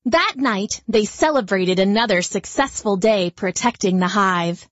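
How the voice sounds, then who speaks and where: A woman narrating a children's story in a gentle, lively storytelling manner. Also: mid-range voice, a little slow, hardly any pauses, dry recording, lo-fi sound.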